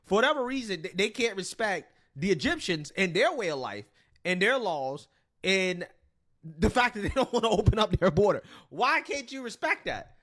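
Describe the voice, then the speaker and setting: A man's voice: high-pitched, big pitch swings, moderate pace, fairly bright tone. A man hosting a reaction commentary, blunt and swearing freely, laughing between phrases. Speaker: commentary channel host.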